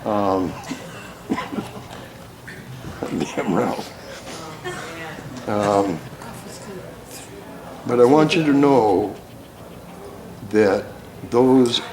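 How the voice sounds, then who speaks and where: A man's voice: lowish voice, animated, very slow, pauses often, a little mellow, a little hiss or hum. An older man telling war stories at a talk, folksy and profane, often breaking into laughter. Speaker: speaker, war veteran. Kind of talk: storytelling talk. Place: theater school hall. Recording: roomy hall with faint ambience.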